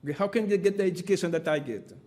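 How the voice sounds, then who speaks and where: High-voiced and a little mellow, a man fires off rapid, emphatic testimony at an inquiry. He repeats himself and keeps addressing the panel as "my friend."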